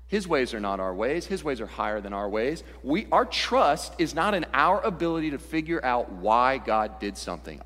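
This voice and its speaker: Animated preacher with a ringing voice. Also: male voice, fairly high pitch, long reverb tail. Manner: animated, swings from loud to hushed, acts out quotes. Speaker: pastor. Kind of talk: sermon.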